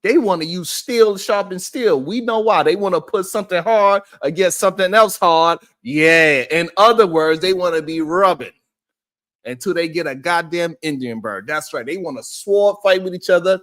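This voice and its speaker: Through a streaming microphone, a high-pitched man hosts a live-stream at normal speed. He lectures in an animated, preachy way, swears a lot and addresses his viewers directly.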